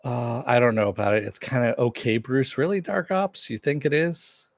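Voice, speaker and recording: A man's voice: medium pitch, normal speed, dry recording. A man hosting a casual TV recap and review, blunt and rambling, with many restarts and fillers, answering live chat while wearing headphones. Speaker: show host.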